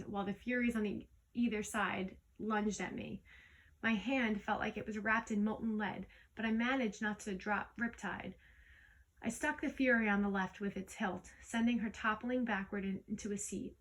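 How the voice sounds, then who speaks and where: A woman reading a storybook aloud in the first person, lively, with small slips that she corrects as she goes. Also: medium pitch, normal speed, low-quality recording. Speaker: audiobook reader. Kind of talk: storybook read-aloud narration.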